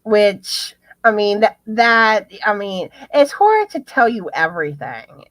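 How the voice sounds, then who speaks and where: A woman's voice: mid-range voice, sing-song, slow, a bit bright, no room sound. A woman co-hosting a casual live chat, rambling with many fillers and restarts. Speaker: co-host.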